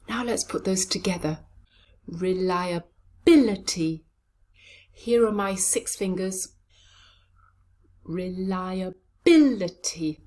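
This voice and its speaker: A woman coaching pronunciation, breaking words into syllables and sounds and saying them slowly and deliberately. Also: mid-range voice, a little mellow. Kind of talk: pronunciation lesson.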